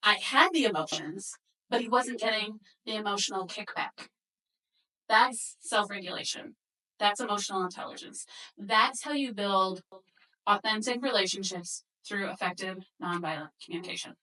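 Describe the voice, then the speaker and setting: A woman's voice: mid-range voice, moderate pace, pushed and bright, recorded from a distance, rough recording. A woman presenting a workshop to a live audience, telling a story and acting out the quoted dialogue. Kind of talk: workshop talk with slides.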